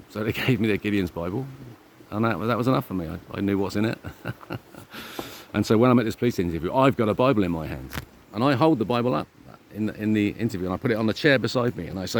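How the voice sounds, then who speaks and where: A man's voice: fairly low pitch, expressive, fast, slight background noise. A man telling a long personal story in a rambling, emphatic monologue, swearing often. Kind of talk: casual monologue.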